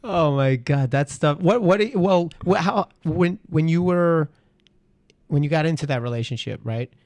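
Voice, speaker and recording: A man hosting a casual chat, joking and teasing his guest with quick interjections. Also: a little high, animated, darkish tone, no echo. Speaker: host.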